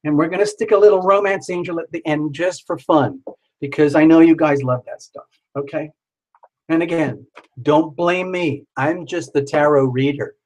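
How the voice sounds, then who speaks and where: A man's voice: fairly high pitch, normal speed, poor audio. A man hosting a live tarot stream, who talks playfully and jokes around with sing-song asides. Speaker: tarot reader hosting a livestream.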